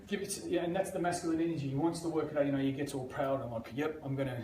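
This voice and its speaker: A man's voice: fairly high pitch, racing, dark tone. A man, a coach telling stories in casual seminar talk and swearing freely. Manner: swears a lot, storytelling with acted quotes. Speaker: life coach. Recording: echoey room, far from mic, faint noise.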